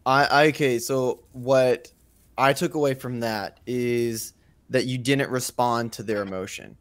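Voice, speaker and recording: Teacher guy on a podcast thinking out loud, kinda halting, dry no-room sound. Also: medium pitch, steady tone, no room sound. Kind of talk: casual podcast discussion.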